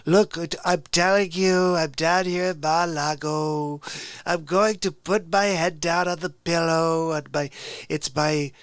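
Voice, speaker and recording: Man impersonating a boastful older ex-president, slow, emphatic, repetitive, brash. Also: a little high, fairly even intonation, a bit bright, smooth, dry recording. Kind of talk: comedic political impression.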